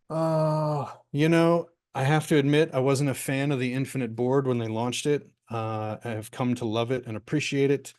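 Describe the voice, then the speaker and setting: Relaxed male workshop facilitator, dry sound. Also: medium pitch, normal speed, hardly any pauses, dry recording. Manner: relaxed, rambling, many fillers and restarts. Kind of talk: answering questions in a live online workshop. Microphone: video call.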